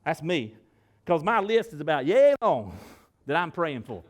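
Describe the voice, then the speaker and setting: A man preaching a sermon to his congregation in a church. He talks in a folksy, animated way, swinging between loud and soft, and often asks the room direct questions. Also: a little high, a little slow. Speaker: pastor. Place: church sanctuary.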